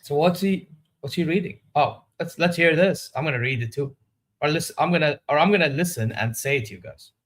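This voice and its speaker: A man's voice: fairly high pitch, brisk, a bit bright. A man hosting a wrestling reaction vlog, giving candid, opinionated, rambling commentary. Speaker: wrestling reaction channel host.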